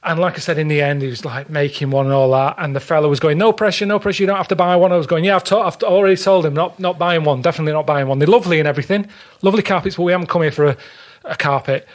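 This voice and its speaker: Very fast and on the high side, an English man speaks as a podcast guest. His casual storytelling is blunt and grumbling, full of acted-out quoted exchanges between characters.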